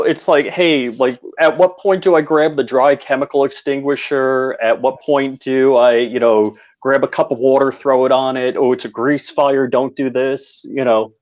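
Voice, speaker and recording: A man's voice: medium pitch, highs cut off. A man chatting as a guest, telling anecdotes with many fillers. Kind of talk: casual chat.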